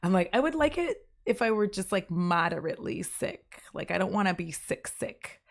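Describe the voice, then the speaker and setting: A woman streamer, sick with a cough and a voice deepened by illness, chatting with viewers in a rambling way and laughing often. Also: very animated, brisk, creaky. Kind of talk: casual stream chat with viewers.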